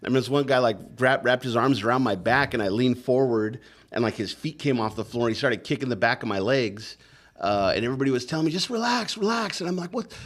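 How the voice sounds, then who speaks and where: A man's voice: medium pitch, quick pace. Male podcast guest with a mid-range voice, loose and profane storyteller. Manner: profane, rambling, full of "like" and "right?". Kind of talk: casual storytelling.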